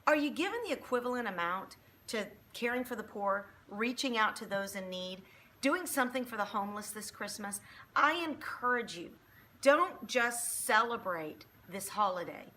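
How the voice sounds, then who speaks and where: A woman in her forties delivers a preachy, animated faith-based motivational talk. Her voice sits a bit high and rings bright and forceful, with a faint hiss of noise behind it. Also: moderate pace. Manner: emphatic, preachy, animated storytelling. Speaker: Christian motivational speaker.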